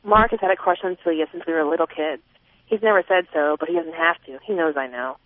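Pitched low and running slightly fast, this female audiobook narrator expressively voices the private thoughts of a twelve-year-old girl in a first-person novel. Her audio is dry and has a narrow, telephone-like quality.

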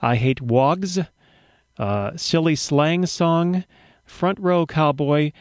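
A man's voice: fairly high pitch, slow, no room sound. A man hosting a radio show, talking in a wry, rambling way with dry humor. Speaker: radio host. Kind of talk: casual radio chat.

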